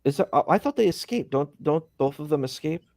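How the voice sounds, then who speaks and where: A man's voice: fairly high pitch, expressive, fairly quick, darkish tone. A man in casual conversation, rambling through a story with many fillers, speaking from a hospital.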